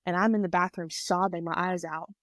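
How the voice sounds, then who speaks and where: A woman's voice: fairly low pitch, fairly quick, no echo, clean studio sound. Chatty young woman telling a story. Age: 20s. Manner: chatty, animated retelling with quoted voices. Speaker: podcast guest. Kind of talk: casual storytelling.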